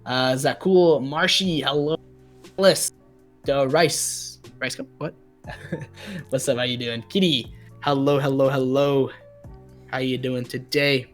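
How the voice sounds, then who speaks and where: A young man casting a mobile esports match live, chatty and relaxed, greeting viewers in the chat. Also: medium pitch, slow, pauses often, faint music behind. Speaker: esports caster.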